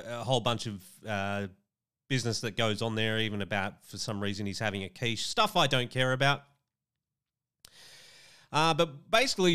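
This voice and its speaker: A man's voice: a little high, fairly bright tone. A man reading news aloud and adding smug, mocking commentary.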